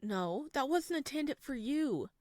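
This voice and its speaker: A woman's voice: sits high, expressive, slow pace, darkish tone, no room sound, clean studio sound, pitched above the performer's own voice. A woman voicing a troubled young man who pleads in a shaken, anxious way, reading a visual novel aloud. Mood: tormented.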